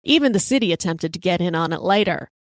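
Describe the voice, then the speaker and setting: A woman hosting a podcast, telling a personal story in a lively, conversational way. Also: fairly low pitch, quick pace, no room sound. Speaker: podcast host. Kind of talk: storytelling monologue.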